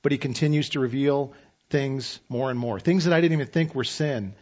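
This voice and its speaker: A man's voice: medium pitch, brisk, a little mellow, highs cut off. Conversational middle-aged male pastor preaching. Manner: conversational, self-deprecating humor. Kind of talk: sermon.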